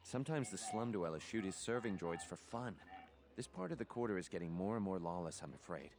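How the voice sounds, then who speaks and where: Tired game companion, low voice that rises and falls a lot, sorry sounding. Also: male voice, lively intonation, fairly quick, crowd noise. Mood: regretful.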